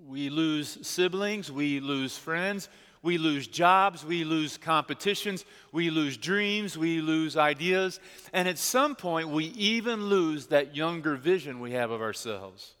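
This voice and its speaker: A man preaching to his congregation in an earnest, storytelling way, slowing down to lean on the words that matter. His voice sits a little higher than most men's. It rings out through a church sanctuary with a long, trailing reverb. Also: a bit bright, smooth. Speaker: pastor. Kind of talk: sermon.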